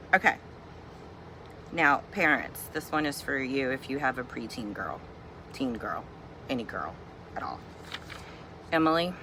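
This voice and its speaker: A middle-aged mother from Virginia, USA, rants at home in a casual vlog, her tone chatty, exasperated and funny. Her voice is extremely low, and there's noise in the background.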